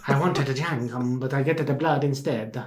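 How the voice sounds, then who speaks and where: A man's voice: mid-range voice, normal speed, natural voice. A man voicing a fanatical, pious older woman killer in a mock Italian accent, speaking broken English with a stiff, dramatic delivery. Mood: ranting. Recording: roomy room echo, faint noise.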